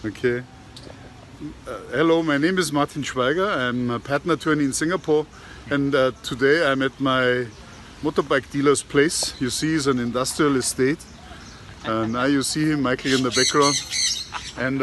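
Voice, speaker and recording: Man vlogger, mid-pitched, chatty and halting; outdoor camera sound with faint noise behind. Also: fairly even intonation, fairly bright tone. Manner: halting, repeats and restarts words. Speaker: vlogger telling a joke. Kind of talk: casual storytelling to camera. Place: outdoors at an industrial estate. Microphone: handheld camera.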